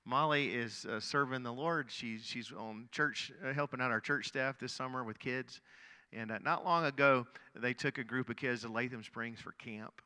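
A man's voice: mid-range voice, fairly even intonation, moderate pace, bright, forceful tone, clear, resonant tone, big-room sound. A middle-aged male pastor telling a story in a sermon, earnest, often repeating words as he goes.

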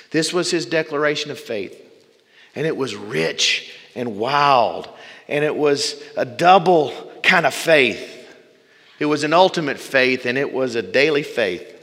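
A male preacher delivering a sermon with folksy humorous asides, swinging between loud bursts and hushed, drawn-out phrases. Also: medium pitch, lively intonation. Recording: long reverb from a large hall.

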